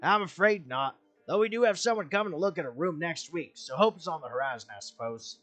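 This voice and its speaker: A man doing a genial landlord with a folksy Western drawl, courteous and a little old-fashioned in how he talks. The voice sits a touch high for a man, and faint music plays underneath. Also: expressive, a little fast, fairly bright tone, no echo. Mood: polite. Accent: put-on American Western.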